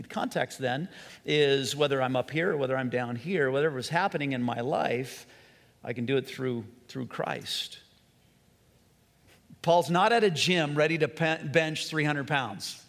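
A man preaching a sermon, earnest and repetitive, sometimes dropping to a soft, quiet voice. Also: mid-range voice, a little slow, vocal fry. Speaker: pastor. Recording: long hall reverb.

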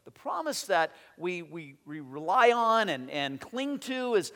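Male pastor, high voice, lively sermon delivery with acted-out quotes, hall reverb. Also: measured pace, few pauses. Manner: animated, acts out voices in quotes, repeats words.

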